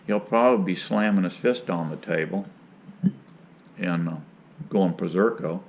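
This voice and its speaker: A man's voice: low-pitched, unhurried, slight background noise. A man from Florida telling a rambling, jokey story to his viewers in a folksy, casual way. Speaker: vlogger. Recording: dull lo-fi sound.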